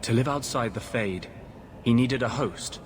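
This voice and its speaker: A man's voice: mid-range voice, unhurried, a little hiss or hum, natural voice. An actor voicing a brooding male mage haunted by a vengeful spirit, speaking in a grave, intense, earnest way in video game dialogue. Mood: grim.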